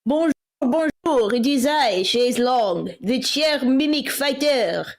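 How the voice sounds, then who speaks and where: A teasing chair-mimic fighter with a put-on French accent, as a player puts her on, speaking slowly and coyly in a tabletop game. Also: high voice, lively intonation, exaggerated voice. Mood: playful.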